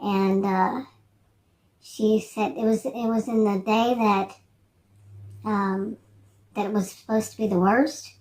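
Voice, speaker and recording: A woman in her sixties chats casually on her vlog, meandering from thought to thought, hesitant, with many restarts and fillers. She speaks slowly with long pauses, her medium-pitched voice steady and darkish in tone.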